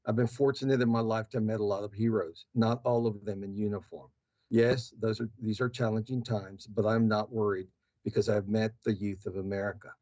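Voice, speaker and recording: A man talks earnestly in an interview, stumbling and restarting as he goes. His voice sits at an ordinary pitch. The sound is dry and a little dull, like a remote call. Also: steady tone, darkish tone, no echo. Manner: earnest, halting, repeats words. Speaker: guest, health system CEO. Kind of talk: conversational interview.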